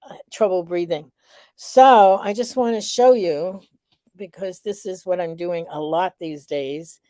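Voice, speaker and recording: Middle-aged woman on a live vlog, slow and mellow, kinda breathless, lots of ums. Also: on the low side, no echo, clean studio sound. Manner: warm, reflective, unhurried with many fillers. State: slightly out of breath. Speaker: vlog host. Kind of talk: casual live vlog reflection.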